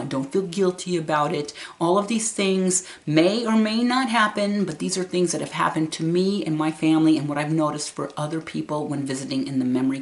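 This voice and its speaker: A woman in her fifties talking to camera as a vlogger and caregiver, earnest and candid. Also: deep voice. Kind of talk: casual talk to camera.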